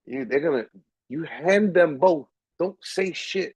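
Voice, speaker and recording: A man's voice: fairly high pitch, expressive, measured pace, a little mellow, slightly rough, no room sound, rough recording. An American man co-hosting a casual live stream, lecturing profanely and with lots of energy. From United States. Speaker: stream co-host.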